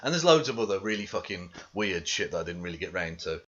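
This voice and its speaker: A man rants through a commentary video, swearing freely and full of scorn. His lowish voice comes across as forceful and tense. The audio sounds dull and lo-fi. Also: big pitch swings, quick pace. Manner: profane, scornful. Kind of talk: ranting commentary monologue.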